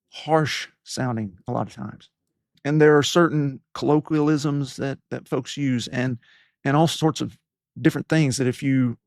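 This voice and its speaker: A man in his fifties from East Tennessee with a softened Southern accent, telling personal stories in an interview and acting out quoted voices. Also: mid-range voice, dry recording, clean studio sound. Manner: earnest storytelling, acts out quoted voices. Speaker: podcast host as guest. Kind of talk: reflective interview talk.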